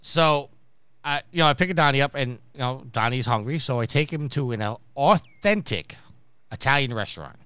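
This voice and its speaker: Bright, crisp-voiced man hosting a podcast. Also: mid-range voice, expressive, moderate pace, no echo. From New York. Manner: storytelling, acting out quoted people. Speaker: podcast host. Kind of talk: casual podcast chat.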